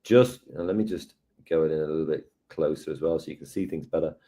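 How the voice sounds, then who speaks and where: A man co-presenting a live software lesson, relaxed and thinking aloud as he works. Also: very deep voice, a little fast.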